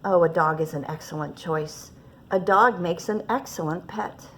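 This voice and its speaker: A woman's voice: lowish voice, normal speed, slight background noise, natural voice. A woman reading aloud and voicing a male animal shelter keeper who eagerly pushes odd pets. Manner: eager salesman patter.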